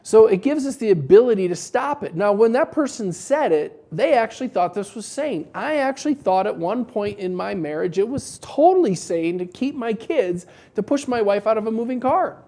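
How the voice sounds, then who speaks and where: A man coaching dental practice owners in a casual, joking advice talk, telling animated stories to make his point. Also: high-pitched, normal speed, few pauses. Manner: wry, joking, animated storytelling.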